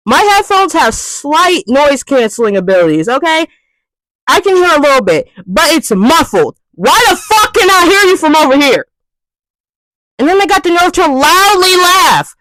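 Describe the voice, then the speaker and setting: Loud, animated young woman ranting. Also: high-pitched, normal speed, no room sound, rough recording. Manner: exasperated, swearing rant. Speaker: vlogger. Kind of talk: ranting vlog monologue.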